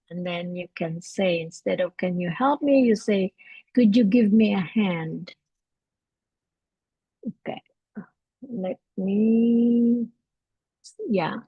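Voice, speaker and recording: A woman hosting a live English lesson from home, talking in a relaxed, halting way with many fillers and restarts. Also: mid-range voice, slightly rough, no echo, muffled recording. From Canada. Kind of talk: casual livestream teaching.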